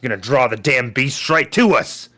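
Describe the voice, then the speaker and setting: A man's voice: medium pitch, animated, normal speed, bright, forceful tone. A man voicing a frustrated, anxious male soldier who scolds his companions in a tabletop game. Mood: alarmed. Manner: agitated, scolding. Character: frustrated male soldier of a noble alliance, anxious and hot-tempered.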